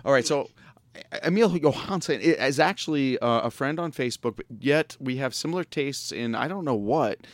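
A man's voice: mid-range voice, animated, moderate pace, no echo. A man hosting a podcast in casual interview chat, joking and laughing often as he rambles. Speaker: podcast host.

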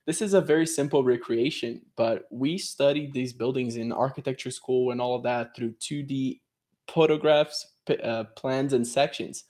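A man's voice: medium pitch, normal speed, a little mellow. A man explaining his work over a video call, enthusiastic, laughing often and peppering his talk with "you know". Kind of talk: casual explanatory chat.

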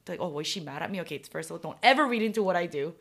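A young adult woman, a professional golfer, telling lively stories as a podcast guest, loud and animated, laughing often and acting out quotes. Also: fairly low pitch, very fast. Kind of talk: casual interview storytelling.

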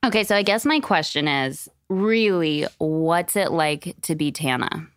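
A woman's voice: low voice, a little slow, smooth, no room sound. A woman in her twenties hosting a podcast, candid and emphatic, swearing freely in casual talk on a close mic. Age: 20s. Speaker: podcast host.

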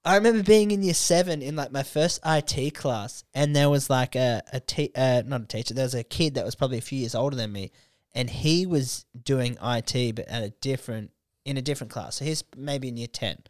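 A man's voice: mid-range voice, fairly quick, no echo, studio quality. A young man hosting a podcast, telling crude school stories in casual chat, swearing freely and laughing often. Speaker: podcast host.

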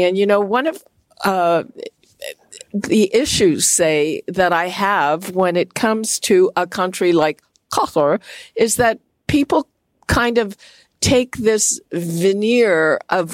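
A woman hosting a radio talk show, interviewing a guest in a measured, precise way. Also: mid-range voice, dry recording. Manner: measured, precise about pronunciation.

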